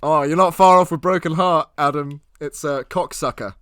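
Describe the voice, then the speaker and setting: A man's voice: on the high side, fairly even intonation, moderate pace, fairly bright tone, clear, resonant tone. A young man hosting a casual podcast quiz, playful and laughing often. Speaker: podcast host running a quiz.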